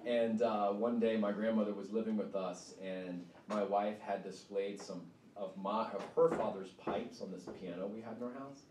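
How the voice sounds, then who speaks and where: A man's voice: on the low side, steady tone, normal speed, few pauses, a little mellow. A male author giving a conversational public talk at a university, often asking "right?". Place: university event hall. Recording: echoey hall, mic from far off, faint noise.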